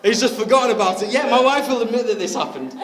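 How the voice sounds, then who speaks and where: At a wedding reception, a man gives a speech with chatty storytelling and frequent laughs. His very high-pitched voice moves quickly with lively intonation, and the hall is echoey with a crowd.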